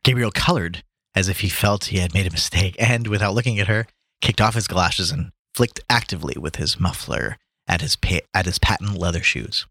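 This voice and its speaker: A man's voice: low voice, husky, dry recording. A man reading a story aloud on a podcast, putting on voices for the characters and stumbling now and then before explaining the notes in a casual way. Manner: reads aloud with lively put-on voices for characters, stumbling over words. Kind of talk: casual reading and chat about a book.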